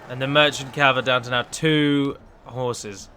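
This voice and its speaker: A man's voice: medium pitch, steady tone, measured pace, pushed and bright, a little hiss or hum. A man hosting a let's play, chatting through a strategy battle and breaking down unit stats in a casual, analytical way. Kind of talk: casual gameplay commentary.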